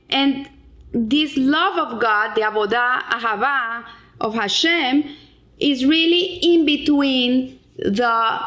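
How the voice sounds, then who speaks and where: A middle-aged woman, a Torah teacher, earnestly explains the weekly Torah lesson, often restarting and using Hebrew terms. Her voice is fairly high and a bit bright.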